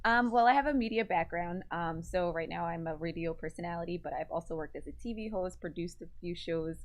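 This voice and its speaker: A young woman from New Jersey guesting on a radio show. She talks in a relaxed, slightly low voice, with easy fillers and light laughs. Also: brisk. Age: young adult. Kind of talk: casual radio interview.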